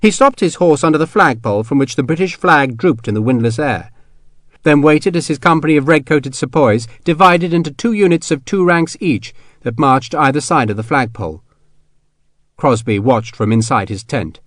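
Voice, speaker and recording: Man narrating an audiobook, steady. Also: on the high side, normal speed, no room sound, studio quality. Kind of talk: scripted narration.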